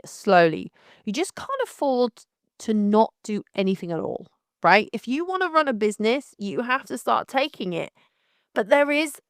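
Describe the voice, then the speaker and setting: A middle-aged woman from Devon and Somerset with a light West Country accent, hosting a casual solo podcast in a frank, animated way and calling the listener darling. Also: medium pitch, clear, resonant tone, no echo, studio quality. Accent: light West Country English. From Devon and Somerset, England. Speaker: podcast host.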